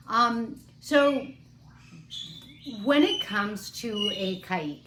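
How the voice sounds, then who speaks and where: A woman's voice: medium pitch, fairly bright tone, slight background noise. A woman talking casually to camera about parrot care, chatty and rambling, now and then cooing to her parrot. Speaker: parrot care author and vlogger. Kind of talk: casual vlog chat. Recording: roomy echoing room.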